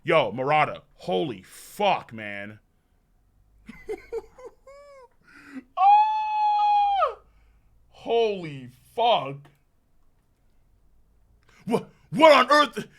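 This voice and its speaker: A man streaming a live manga reaction, excitable and profane, breaking into shouts of amazement. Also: high-pitched, drawn-out words, pauses often.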